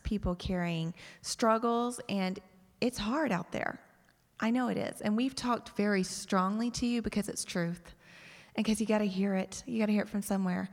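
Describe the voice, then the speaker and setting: A woman speaks to a church audience in an earnest, gentle way, addressing listeners directly. Her voice sits at a medium pitch. The long reverb of a large hall carries her words. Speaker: pastor's wife, co-host. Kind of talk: church talk closing in prayer.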